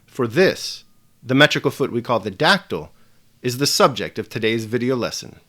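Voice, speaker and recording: A man presenting a scripted video lesson with a measured, emphatic delivery. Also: medium pitch, big pitch swings, fairly bright tone. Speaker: teacher.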